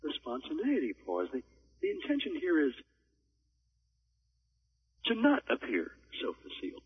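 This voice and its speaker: A man coaching on public speaking in a measured way, with deliberate pauses for emphasis. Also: fairly high pitch, wildly swooping pitch, slightly rough, dull audio. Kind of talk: instructional talk on a recorded program.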